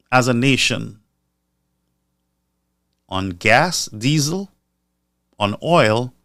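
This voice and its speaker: Guy talking real slow on a live stream, dry close sound, repeats his numbers. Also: medium pitch, a bit bright, no echo. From Saint Lucia. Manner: deliberate, repeats figures for emphasis. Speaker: commentator.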